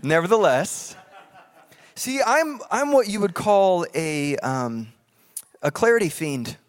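A man preaching a sermon in a church, animated and jokey, acting out voices from scripture. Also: high voice, slow. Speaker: pastor. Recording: long hall reverb.

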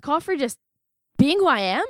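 A young American woman tells her own story as a spoken personal essay, wry and emphatic, her fairly high voice leaping up on punchlines. The sound is close and dry, with no room around it. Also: sing-song, normal speed, no room sound. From United States. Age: young adult. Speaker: narrator.

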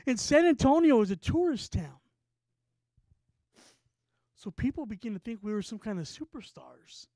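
A man from Texas preaching a sermon, telling a story with rising excitement and stammered repeats. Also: very high-pitched, no room sound.

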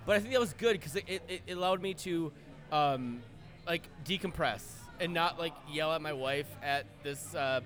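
A man co-hosting a soccer podcast, telling stories in an excitable way with lots of swearing. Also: fairly high pitch. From Minnesota. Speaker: podcast co-host. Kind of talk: casual sports chat.

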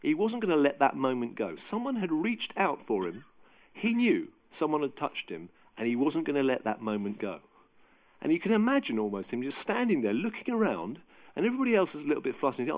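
Animated male preacher. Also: mid-range voice, brisk. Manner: animated, conversational, emphatic. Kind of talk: sermon.

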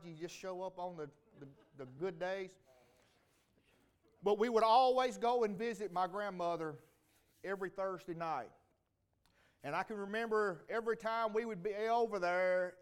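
A man's voice: high voice, clear, resonant tone. A middle-aged man giving a rambling, folksy homecoming testimony to a church congregation. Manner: folksy, rambling, with many restarts. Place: church sanctuary.

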